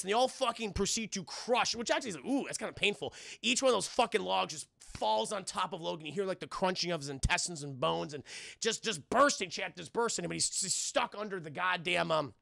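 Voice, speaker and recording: Gravelly, sarcastic streamer recapping a film. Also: male voice, high voice, dry recording, clean studio sound. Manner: profane and animated, often addressing the chat; sarcastic, mocking the film and slipping into voices.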